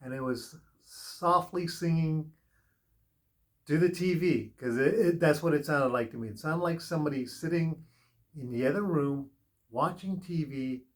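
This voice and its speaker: A man giving a casual spiritual tarot reading, talking slowly with many pauses and fillers. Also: a little high. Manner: slow, unhurried, with pauses and fillers. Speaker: tarot reader.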